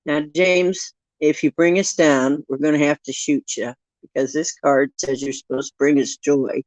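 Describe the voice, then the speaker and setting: Speaking low and fairly evenly, with a slightly mellow tone, this woman chats on a live stream while playfully reading oracle card texts at a slow pace and poking fun at herself. The sound is dry, captured on a dull lo-fi recording.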